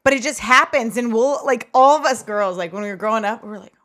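A woman's voice: a little high, fast talker, a bit bright. A woman from the American Midwest chatting casually on a podcast, explaining her views at length with lots of fillers.

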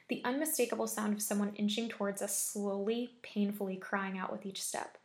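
A woman reading a scary story aloud with steady, measured storytelling. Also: mid-range voice, gravelly. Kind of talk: scripted horror story narration.

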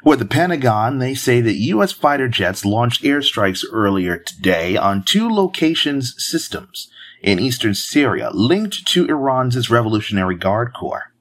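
A man's voice: medium pitch, sing-song, unhurried, fairly bright tone. A man hosting a news podcast, reading headlines with chatty joking asides. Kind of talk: casual news podcast delivery.

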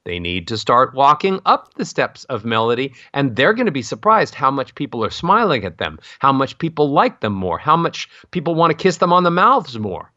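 Animated man swooping his pitch around. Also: normal speed, few pauses, no echo, highs cut off. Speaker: vocal coach. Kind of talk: expressive instructional talk with sung-like demonstrations.

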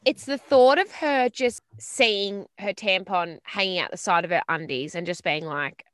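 A woman's voice: mid-range voice, a little slow, fairly bright tone, dry recording, clean studio sound. Tired, swearing woman co-host. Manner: swears freely, blunt and chatty. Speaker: podcast co-host. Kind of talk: casual chat.

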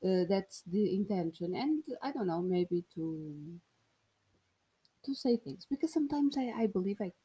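A woman's voice: mid-range voice, lively intonation, moderate pace, mellow, breathy edge. A woman in her thirties from Portugal with a Portuguese accent, hosting a solo podcast in a playful, rambling, self-mocking way. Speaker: podcast host.

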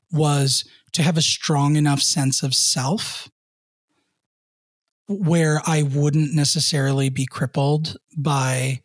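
A man in his thirties, co-hosting a podcast, telling a personal work story in an earnest way, with many fillers and soft laughs. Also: fairly high pitch, dry recording, clean studio sound. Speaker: podcast co-host.

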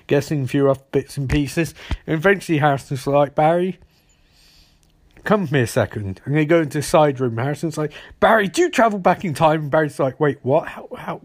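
Male podcast host, slightly high voice, loose rambling recap with bursts of put-on character voices. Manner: rambling, acts out characters' lines in quick voices. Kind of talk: casual episode recap.

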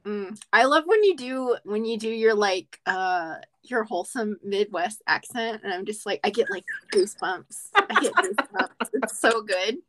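A woman co-hosting a podcast, trading jokes in loose, casual chat. Her voice sits at a middling pitch, and she laughs often as she teases. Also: animated, moderate pace, few pauses, fairly bright tone. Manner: playful, joking, laughs often. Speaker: podcast co-host.

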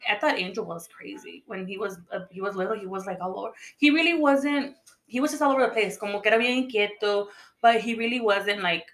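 A woman's voice: mid-range voice, fast, echoey room. A woman in her thirties co-hosting a casual podcast chat, saying "like" a lot and switching into Spanish. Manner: chatty, says "like" a lot, mixes in Spanish. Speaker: podcast co-host.

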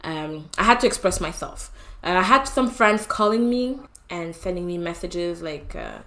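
A young woman from Canada co-hosting a podcast, talking in a halting, emotional way with many fillers. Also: on the low side, a bit bright. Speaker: podcast co-host. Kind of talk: casual chat.

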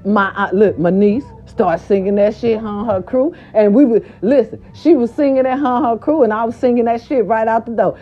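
A woman vlogger telling a story and then giving a pep talk, animated and profane, slipping into quoted voices. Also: on the high side, normal speed, few pauses. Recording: dull lo-fi recording with faint music.

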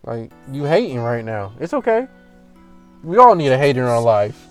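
A man's voice: medium pitch, very animated, normal speed, faint music behind. A young man telling a story in a casual, profane, exasperated rant full of slang.

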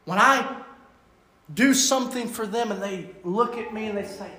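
A man preaching a sermon as an evangelist, fervent, rising to loud bursts and then dropping soft. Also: high voice, normal speed. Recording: echoey room.

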